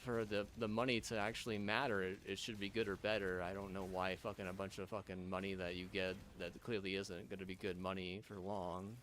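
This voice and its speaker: A man's voice: sits low, little pitch movement, fairly quick, few pauses, a bit bright, a little hiss or hum. A young man ranting in a rambling, profane way, full of fillers and restarts.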